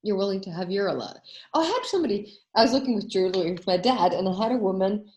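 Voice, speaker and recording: A woman hosting a coaching workshop, telling anecdotes in a casual, animated way and acting out the voices she quotes. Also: mid-range voice, rapid-fire, roomy sound, slight background noise.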